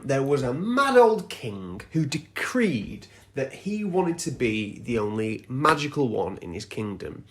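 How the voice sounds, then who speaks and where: Casual sweary man retelling a story. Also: medium pitch. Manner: loose, sweary, checks in with "right?". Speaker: podcast host.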